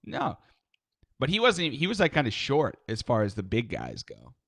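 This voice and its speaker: A man's voice: mid-range voice, wildly swooping pitch, moderate pace, gravelly, a bit bright, no room sound, clean studio sound. A young man co-hosting a crude comedy podcast, easygoing and rambling with lots of fillers. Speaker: podcast co-host.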